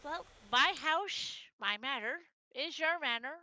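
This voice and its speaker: A woman's voice: high voice, lively intonation, measured pace, bright, forceful tone, heavily acted. A woman voicing a gracious manor owner who politely welcomes guests into his home. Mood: welcoming. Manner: polite and accommodating.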